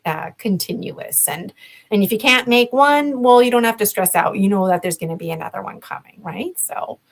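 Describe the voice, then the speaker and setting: A woman's voice: medium pitch, lively intonation, moderate pace, low-quality recording. A woman from Canada, a guest on a video-call interview, talking in a rambling, reflective way with many fillers. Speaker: guest promoting a conference.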